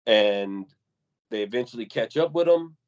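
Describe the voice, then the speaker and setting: A man with a low-pitched voice talking on a casual podcast. He gets animated and acts out the voices he quotes, often repeating words as he goes. The audio sounds somewhat dull and lo-fi. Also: moderate pace. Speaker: podcast co-host.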